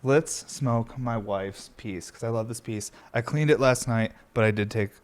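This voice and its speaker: A man's voice: medium pitch, moderate pace. A young man hosting a podcast, rambling in a laid-back way with lots of swearing. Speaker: podcast host. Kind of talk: casual stoner podcast chat.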